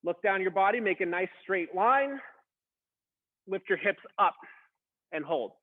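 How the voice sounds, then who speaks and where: This instructor's expressive voice sits high and moves a little slowly as he guides a beginner workout, casual and supportive, audibly straining mid-plank. The recording is tinny and phone-like.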